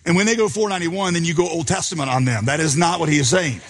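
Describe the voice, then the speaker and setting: A man's voice: a little high, fast talker. A man preaching a sermon, telling a story and acting out its characters' lines. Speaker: pastor. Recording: long hall reverb.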